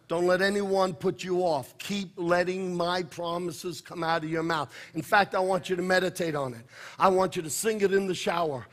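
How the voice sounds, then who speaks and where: Preacher doing God: a high, measured male voice, insistent and commanding, kind underneath. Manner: urgent, insistent exhortation. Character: God, a commanding yet reassuring male divine voice.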